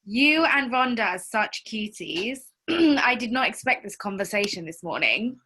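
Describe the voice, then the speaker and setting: Excited woman rambling on a video call. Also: a little high, a little slow, breathy edge. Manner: excited, rambling with many fillers. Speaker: call participant. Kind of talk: casual group-call chat.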